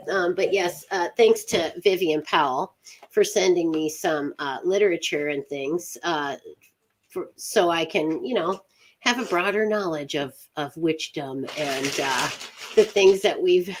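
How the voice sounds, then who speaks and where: A woman's voice: fairly low pitch, takes it slowly, slight background noise. A woman from upstate New York hosting a witchcraft chat show, talking in a rambling, chatty way with frequent laughter. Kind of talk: casual live chat.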